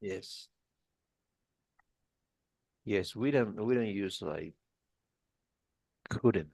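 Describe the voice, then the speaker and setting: A man with a very low, gravelly voice works through a test review with a student. He explains patiently, restarting often and leaning on "like." The sound is dry and close, as on a video call. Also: extremely slow, a little mellow, no room sound. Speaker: English test tutor. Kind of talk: one-on-one lesson review.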